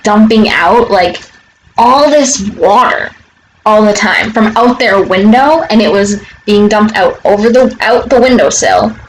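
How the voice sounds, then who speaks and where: A woman's voice: mid-range voice, slight background noise, poor audio. A young woman vlogger telling a casual story outside her front door, rambling with many fillers and swearing.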